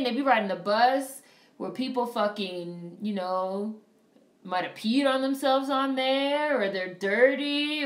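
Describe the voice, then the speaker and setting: A woman on a casual live stream who reads viewer comments aloud and reacts to a film in a blunt, profane, animated way. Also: mid-range voice, far from the mic. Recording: roomy, off-mic sound.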